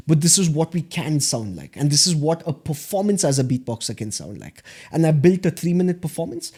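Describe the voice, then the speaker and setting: A man, a guest in a casual interview, telling animated stories about his start. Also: fairly high pitch, a little fast, few pauses, husky. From India. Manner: animated storytelling, acts out quoted voices. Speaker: guest, beatboxer and MC.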